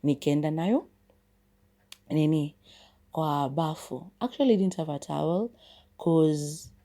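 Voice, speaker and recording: A woman's voice: sits low, slow pace, mellow. A Kenyan woman hosting a podcast, telling a personal story in a chatty, casual way, switching between English and Swahili. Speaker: podcast host.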